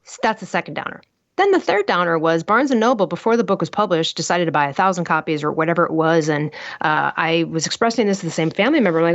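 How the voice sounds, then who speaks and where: A woman's voice: fairly low pitch, expressive, quick pace, dry recording. A woman talking as a guest on an interview podcast, telling stories bluntly and emphatically, full of rhetorical questions. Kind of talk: animated interview talk. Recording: muffled dry podcast audio.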